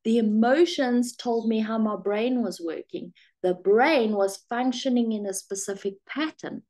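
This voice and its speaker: A middle-aged woman life coach talking straight to her viewers, animated and acting out her own thoughts in quotes. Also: fairly high pitch, measured pace. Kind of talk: direct-to-camera coaching talk.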